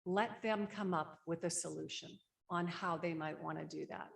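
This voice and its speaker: A woman's voice: lowish voice, normal speed, gravelly. A woman leading a conference workshop on grief support. She explains the steps in a practical, conversational way and often checks in with "right?". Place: conference room.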